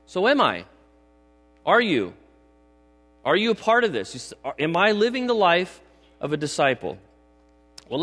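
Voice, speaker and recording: A man's voice: medium pitch, a bit bright. A middle-aged man preaching a sermon in a church, emphatic and conversational, often checking in with the congregation. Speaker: pastor. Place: church sanctuary. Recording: long hall reverb with mains hum.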